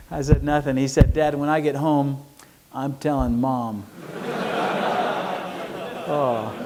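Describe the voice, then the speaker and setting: Middle-aged male speaker, slightly high voice, folksy lecture style with audience questions. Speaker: entrepreneur speaker. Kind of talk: lecture to students. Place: university lecture hall.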